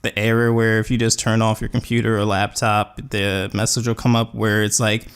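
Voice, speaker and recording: A man's voice: lowish voice, little pitch movement, normal speed, clear, resonant tone. A young man casually telling a rambling story, with fillers and quoted voices. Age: young adult. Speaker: gaming YouTuber. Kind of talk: storytelling over gameplay.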